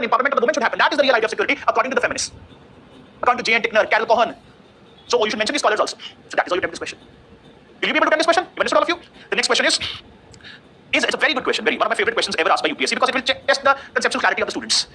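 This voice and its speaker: A man's voice: extremely high pitch, bright, forceful tone, slight background noise. A man lecturing a class, quizzing the students with rhetorical questions.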